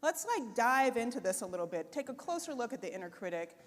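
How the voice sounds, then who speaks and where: A woman giving a conference keynote, talking in a conversational, expressive way with lots of "right?" and "like". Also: a little high, quick pace. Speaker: conference speaker. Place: conference hall. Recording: long hall reverb.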